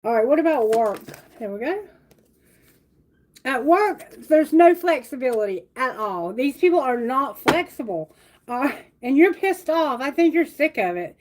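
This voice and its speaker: A high-voiced woman reads tarot cards on a live stream. She talks straight to her viewers, blunt and animated, and swears freely as she goes. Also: a little slow, slight background noise. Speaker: tarot reader.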